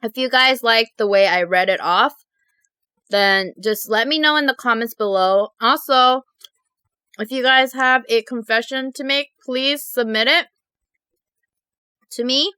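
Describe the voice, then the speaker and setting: A woman vlogger chats casually as she tells viewer confessions, animated and quick to giggle. Her voice is bright and fairly high, with a clean, crisp tone. It is recorded dry and close to the mic. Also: dry recording. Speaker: mukbang vlogger.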